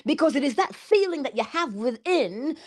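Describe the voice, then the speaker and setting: A woman delivers a morning pep talk in a high voice that swoops up and down. She talks like a preacher, tossing out calls to her listeners and laughing often. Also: lively intonation, moderate pace, a little mellow. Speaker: motivational speaker.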